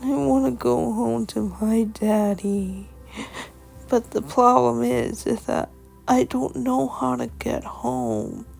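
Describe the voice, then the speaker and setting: A frightened little winged boy, put on by a woman reading a storybook aloud, whimpering and pleading. The voice sits higher than the reader's own and stays gravelly and husky throughout. The pace is slow, with faint music underneath. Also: steady tone, darkish tone, exaggerated voice. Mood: tearful. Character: small winged boy, lost, frightened, tearful.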